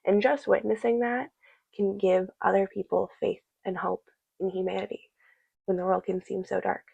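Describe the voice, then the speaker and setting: Woman, tarot reading, low gravelly voice, flat delivery, dull dry recording. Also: normal speed, dry recording. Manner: soft, meandering, many fillers. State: teary. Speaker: tarot reader.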